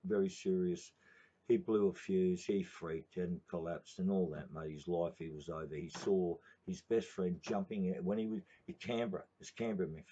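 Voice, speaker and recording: Brief: older Australian man, very deep and husky, profane rambling storyteller. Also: warm tone. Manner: rambling, profane, addresses listener as mate. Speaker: union organiser. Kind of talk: casual storytelling. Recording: dull lo-fi recording.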